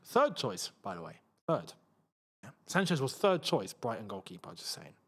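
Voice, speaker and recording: A man's voice: mid-range voice, wildly swooping pitch, moderate pace, slightly rough. A man hosting a live football watchalong, commenting casually, reading chat messages and repeating himself in frustrated outbursts.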